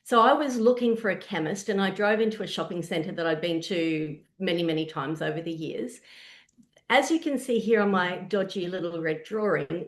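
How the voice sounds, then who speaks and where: Australian woman storytelling in an echoey room. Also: on the low side. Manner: conversational storytelling, animated asides. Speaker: webinar presenter. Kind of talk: presenting a webinar talk.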